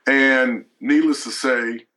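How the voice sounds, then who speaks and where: Middle-aged male guest, bright tense tone, storytelling with halting restarts. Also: mid-range voice, fairly even intonation, low-quality recording. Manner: halting, with frequent restarts and fillers. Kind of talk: emotional storytelling.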